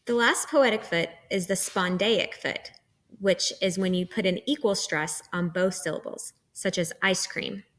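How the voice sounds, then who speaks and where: A woman's voice: fairly low pitch, a little slow, fairly bright tone. Patient woman teaching a lesson. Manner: patient, explains step by step. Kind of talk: recorded lecture.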